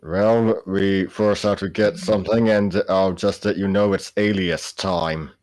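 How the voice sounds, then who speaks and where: A man with a very low voice speaks slowly and hesitantly as a tabletop game player. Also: fairly even intonation, darkish tone. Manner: slow, hesitant. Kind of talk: casual game chat.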